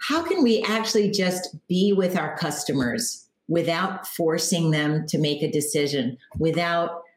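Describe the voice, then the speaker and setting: Low-voiced woman, calm and reflective. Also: unhurried, echoey room, low-quality recording. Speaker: author and marketing guest. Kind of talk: interview answers.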